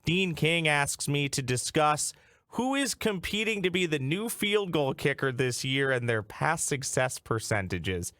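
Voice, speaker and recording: A man's voice: a little high, very animated, unhurried, bright, forceful tone, no echo, studio quality. A man hosting a sports podcast, joking with his guest and signing off in an upbeat way. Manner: jokey, upbeat sign-offs. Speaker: podcast host.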